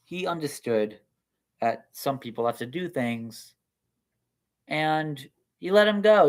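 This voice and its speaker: A man telling a story in a talk, animated and acting out the characters. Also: medium pitch, measured pace. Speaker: speaker.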